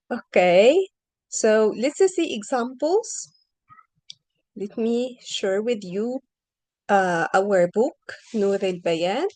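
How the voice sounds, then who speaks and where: Slow, patient woman reading teacher. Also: medium pitch, darkish tone, dry recording, rough recording. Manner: patient, questioning, stretches example sounds. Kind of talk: online one-on-one lesson.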